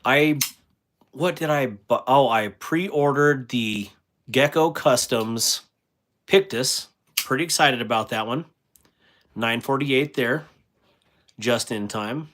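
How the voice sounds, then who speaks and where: Man hosting a casual livestream, mid-pitched voice, rambling and full of fillers, reads chat comments aloud. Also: slow, pauses often, a bit bright. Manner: rambling, with many fillers and restarts; reads viewer comments aloud and answers them. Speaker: livestream host.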